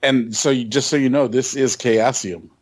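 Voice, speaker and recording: A man's voice: mid-range voice, steady tone, normal speed. A man co-hosting a podcast in casual chat, restarting sentences as he reminisces. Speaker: podcast co-host.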